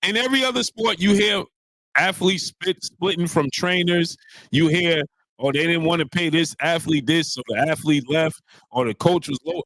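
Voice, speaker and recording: A man's voice: on the high side, normal speed, no room sound. A man hosting a casual live-streamed sports talk show, preaching his point with lots of repetition and greeting viewers in the chat. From New York. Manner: animated, preachy, repeats lines for emphasis, greets chat viewers.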